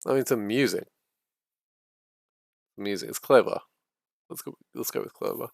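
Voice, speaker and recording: A man's voice: mid-range voice, moderate pace, gravelly, no echo, clean studio sound. A man casually reading a narrative game aloud and musing about it as he goes, swearing freely. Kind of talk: casual playthrough commentary.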